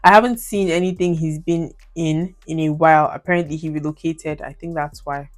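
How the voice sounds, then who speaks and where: A woman's voice: sits low, fairly even intonation, fairly quick, faint music behind. A young Nigerian woman with a Nigerian accent, talking casually about movies as a video reviewer. She laughs often and slips into Nigerian Pidgin. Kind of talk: casual commentary on her old reviews.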